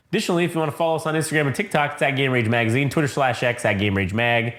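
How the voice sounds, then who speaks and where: A man co-hosting a podcast, retelling a comic issue in a profane, animated way. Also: medium pitch, roomy sound. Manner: profane, animated retelling with quick voices for characters. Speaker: podcast co-host. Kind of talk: casual comic book review chat.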